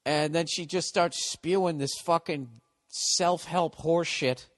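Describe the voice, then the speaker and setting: A man's voice: on the high side, fairly even intonation, unhurried. Brief: a male comedy podcast host, profane and sarcastic, ranting through a story.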